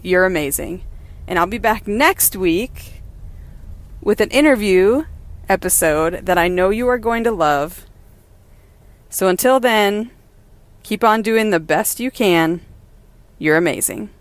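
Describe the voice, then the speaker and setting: A woman's voice: medium pitch, lively intonation, takes it slowly, long pauses, dry recording. Solo mom podcaster, candid and encouraging, recorded in her car, mid-range voice. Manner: candid, encouraging, laughs now and then. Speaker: podcast host and mother. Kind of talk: casual personal monologue. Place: in a car while driving.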